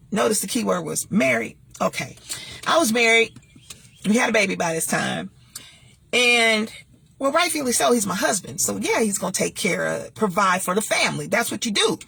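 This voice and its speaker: Woman host, raspy and gravelly, preachy and blunt, casual advice vlog. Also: fairly high pitch, sharp tone. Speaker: talk show host and former radio DJ. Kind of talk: casual advice monologue with personal story.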